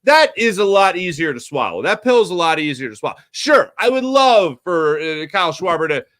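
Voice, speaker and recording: A man's voice: high-pitched, fairly quick, no room sound, clean studio sound. A man hosting a postgame baseball show, talking casually and emphatically with his live chat. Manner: animated, emphatic, repeats himself for effect. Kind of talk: casual sports talk, reading live chat.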